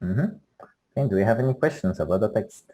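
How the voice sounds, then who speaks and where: Male English teacher, lowish voice, patient, slow model words, video call. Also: expressive, dark tone. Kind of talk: pronunciation drills in an online class.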